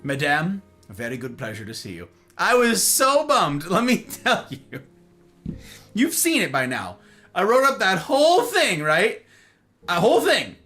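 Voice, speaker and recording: A man hosting a casual livestream chat, greeting viewers by name with playful, animated asides. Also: sits high, measured pace, soft background music. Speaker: livestream host.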